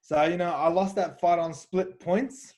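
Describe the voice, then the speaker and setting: A slightly slow, high-sitting voice with a steady, somewhat mellow tone belongs to an Australian kickboxer sharing fight stories in an interview. The conversation is animated, and he comes across as confident and chatty, with frequent fillers and restarts.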